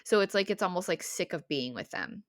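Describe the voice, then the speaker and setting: A lower-voiced woman co-hosts a casual book podcast, retelling scenes with animated bursts and quick character lines. The sound is dry and close, with no room behind her. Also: dry recording. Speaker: podcast co-host.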